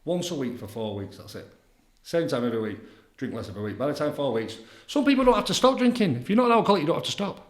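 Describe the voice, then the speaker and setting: A man's voice: a little high, sing-song, racing. A middle-aged man, a counsellor talking bluntly in a casual podcast interview, repeating himself and leaning on tag questions. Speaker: addiction counsellor guest. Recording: roomy echoey room.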